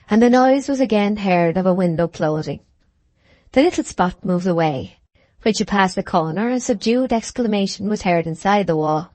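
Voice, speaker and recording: This is a woman of medium pitch narrating an audiobook of a classic novel. She reads evenly and with measure, and no room sound comes through.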